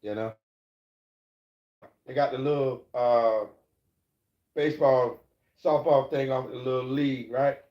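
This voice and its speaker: A man's voice: mid-range voice, fairly even intonation, a little slow, long pauses. A middle-aged man talking loosely and profanely on a live stream, rambling into preachy asides. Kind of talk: casual live-stream talk. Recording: echoey, dull lo-fi room sound.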